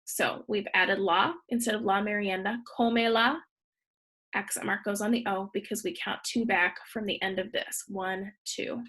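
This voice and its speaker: Breathy woman teaching from slides. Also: medium pitch, steady tone, moderate pace, a bit bright. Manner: patient, step-by-step explaining. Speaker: Spanish teacher. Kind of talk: recorded slideshow lesson.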